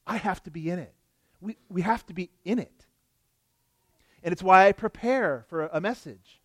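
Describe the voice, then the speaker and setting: A man's voice: high voice, normal speed, a bit bright, no room sound. A male pastor delivering an expository sermon, earnest and emphatic, often asking the congregation rhetorical questions.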